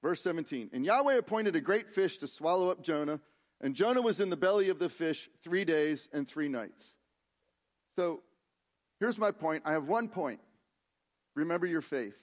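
A man's voice: a little high, animated, normal speed. A man preaching a sermon, reading scripture aloud and explaining it with frequent restarts. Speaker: pastor.

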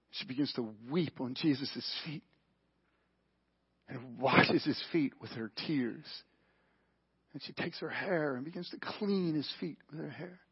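A male pastor preaching a sermon with emphatic rhetorical questions and big swings between loud and soft. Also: on the high side, slightly rough. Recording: muffled lo-fi live broadcast.

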